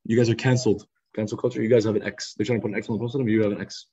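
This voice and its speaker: A man teaching a youth study circle in a lively, conversational storytelling style, acting out quotes over a video call. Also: fairly low pitch, very fast, slightly rough. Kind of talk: casual storytelling lesson. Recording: slightly muffled lo-fi recording.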